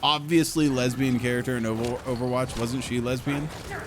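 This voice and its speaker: A man's voice: medium pitch, fairly even intonation, a little fast. A man chatting loosely while gaming, rambling with fillers. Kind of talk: casual chat while gaming. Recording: background noise.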